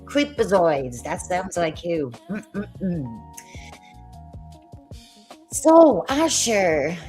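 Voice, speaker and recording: Combative woman on a livestream. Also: medium pitch. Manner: combative, sarcastic, swearing. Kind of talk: heated livestream rant.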